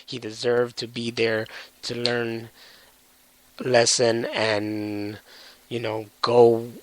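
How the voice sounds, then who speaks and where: A man's voice: mid-range voice, monotone, drawn-out words, dry recording, rough recording. A man reviewing comics in casual chat, rambling and hedging with loose slang.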